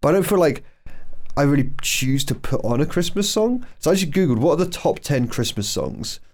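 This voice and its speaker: A man chatting casually as a podcast co-host, animated, sweary and full of slang. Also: a little high, fairly quick. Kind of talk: casual chat.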